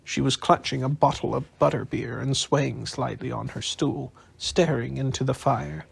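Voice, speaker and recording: A man reading an audiobook aloud in a calm, unhurried bedtime style. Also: medium pitch, creaky, husky. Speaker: audiobook narrator.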